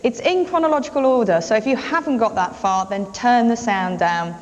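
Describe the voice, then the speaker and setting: A woman's voice: a little high, brisk, highs cut off, faint music behind. Sarcastic woman presenter in a reverberant room. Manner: sarcastic, mocking. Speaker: TV games show presenter. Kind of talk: scripted presenting.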